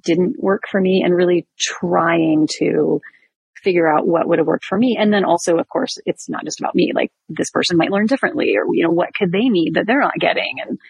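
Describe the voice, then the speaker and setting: A woman's voice: on the low side, fairly quick, vocal fry, a little mellow, breathy edge, dry recording. A woman in her fifties from the American Midwest, a veterinarian speaking frankly and laughing easily as a podcast guest. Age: 50s. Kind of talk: casual podcast interview.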